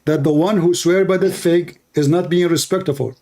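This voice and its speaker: A hoarse man from Iraq hosting a heated live debate, insistently repeating his challenges over interruptions. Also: fairly high pitch, fairly even intonation, normal speed, dark tone. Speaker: debate host.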